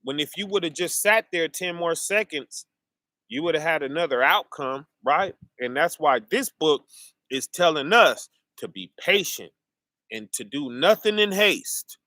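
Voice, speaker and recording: A man's voice: a little high, expressive, measured pace, bright, forceful tone, dry recording. A man, preaching informally and firing off rhetorical questions to his listeners.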